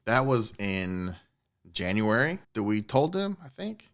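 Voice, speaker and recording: A man, a podcast co-host telling a personal story in casual chat, swearing often and getting excited. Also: fairly low pitch, measured pace. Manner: animated, swears a lot, rising excitement.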